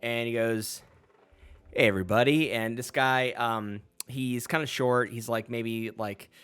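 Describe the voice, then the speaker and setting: A man running a tabletop role-playing session as storyteller, speaking in a smooth, resonant, mid-pitched voice. His narration is loose and chatty, full of ums and restarts as he sets the scene. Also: flat delivery, slow pace, fairly bright tone. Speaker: game master.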